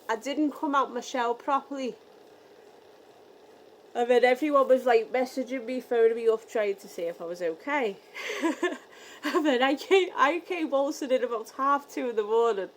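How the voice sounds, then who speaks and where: British woman, young adult, casual vlog storytelling, animated, higher pitch, faint background hiss. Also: poor audio. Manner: animated, re-enacting dialogue. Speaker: vlogger.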